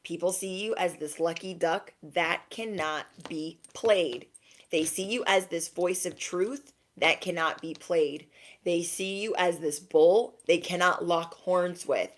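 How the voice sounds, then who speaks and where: A woman's voice: on the low side, measured pace. A young woman giving a direct-to-camera spiritual pep talk as an intuitive reader, emphatic and slangy, often checking in with "okay?".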